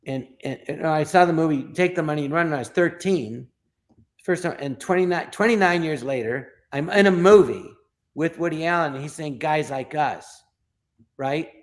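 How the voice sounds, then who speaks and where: A middle-aged man from Los Angeles tells a long story as an interview guest, his voice a touch higher than most men's. He slips into the people he quotes and acts out their lines. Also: normal speed. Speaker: guest comedian.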